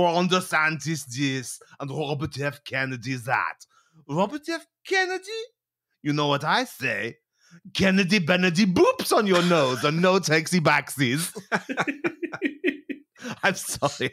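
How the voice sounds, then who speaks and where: A man putting on the voice of a silly, excitable male news pundit who rambles in babyish talk. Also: medium pitch, no echo, clean studio sound.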